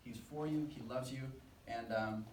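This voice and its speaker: A man's voice: medium pitch, a little slow, a little mellow, a little hiss or hum. A young man preaching a sermon, earnest and conversational, acting out quotes as he goes. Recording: echoey room, from a distance.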